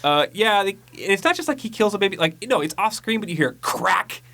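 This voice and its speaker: A man's voice: sits high, animated, quick pace, a bit bright, slight background noise. A man casually recapping a horror movie on a podcast, rambling and profane, mocking the plot and mimicking lines. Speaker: podcast co-host.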